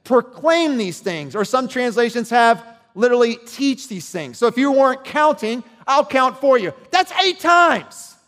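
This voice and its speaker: Pastor guy preaching, kinda high voice, chatty, asks the crowd "amen?" a lot, echoey church hall. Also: animated, normal speed. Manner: conversational, checks in with the congregation. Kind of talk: sermon.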